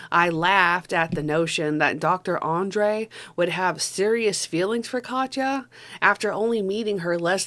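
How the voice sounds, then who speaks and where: Woman, young adult, lowish voice; casual vlog-style film reviewer, chatty, self-correcting. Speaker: movie reviewer.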